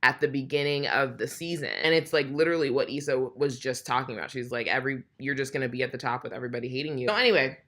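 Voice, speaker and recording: A woman's voice: extremely low pitch, racing, few pauses, a bit bright. A young woman chatting through a TV episode recap, candid and full of "like", swearing freely and acting out what the characters say. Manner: chatty and candid, frequent swearing and "like", acts out quotes. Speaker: TV recap vlogger.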